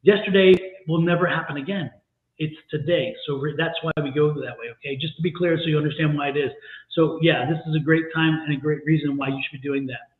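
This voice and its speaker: A man's voice: fairly high pitch, fairly even intonation, fast talker. A man giving tarot readings on a live stream, stressing points by repeating phrases. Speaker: tarot reader. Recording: echoey phone-like live-stream audio.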